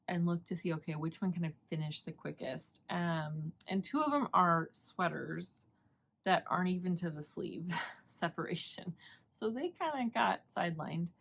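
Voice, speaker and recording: A woman's voice: lowish voice, creaky. A woman hosting a knitting podcast in casual chat, rambling and chatty and laughing often.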